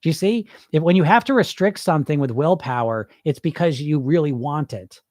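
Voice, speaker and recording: A man's voice: a little high, brisk, darkish tone, dry recording, clean studio sound. A middle-aged man who coaches weight loss, talking informally and bluntly on a podcast, asking his listeners rhetorical questions. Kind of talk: live podcast talk answering listeners.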